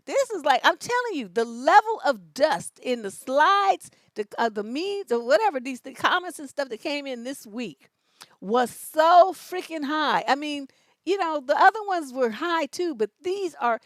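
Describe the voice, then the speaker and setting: A woman's voice: high-pitched, no echo, studio quality. Brash, blunt woman on a live stream. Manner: blunt, profane, sassy; animated, drawn-out emphasis. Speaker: relationship coach and show host.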